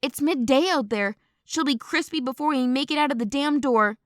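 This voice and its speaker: Reading an audiobook, a woman gives voice to a fierce, loyal young woman, delivering her lines boldly and brashly with an exasperated mood. The character is pitched high, above the performer's own voice but close to everyday speech, at normal speed in clean studio quality with no room sound.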